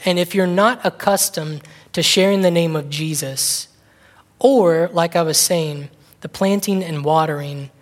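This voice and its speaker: A man preaching in a relaxed, conversational way, drifting between asides and anecdotes and slipping into little acted-out scenes. His voice rings with the long reverb of a big church hall. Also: a little high. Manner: rambling and chatty, acts out little scenes. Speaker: pastor. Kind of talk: conversational sermon.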